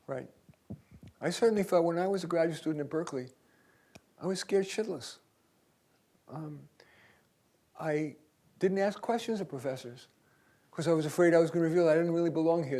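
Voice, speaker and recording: An older man, a career coach, giving a lively, conversational seminar talk in a university auditorium, swinging between soft asides and loud emphatic points. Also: fairly high pitch, moderate pace, long pauses.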